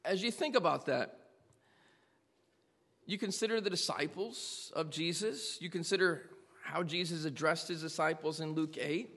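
A man's voice: a little high, moderate pace, a bit bright. A male pastor preaching a sermon, speaking emphatically and putting rhetorical questions to his congregation. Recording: long reverb of a large hall.

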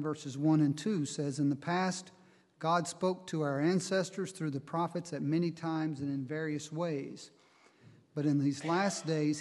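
A man preaching a sermon, reading scripture in a measured way and explaining it. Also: on the high side, darkish tone, long reverb tail. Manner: measured Bible reading and teaching, slow on quoted verses.

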